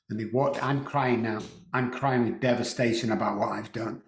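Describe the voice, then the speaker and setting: Man, middle-aged, halting, clears throat, mid pitch, echoey room. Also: fairly even intonation, a little hiss or hum. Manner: halting, repeats words, clears throat often. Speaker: guest. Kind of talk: emotional personal storytelling.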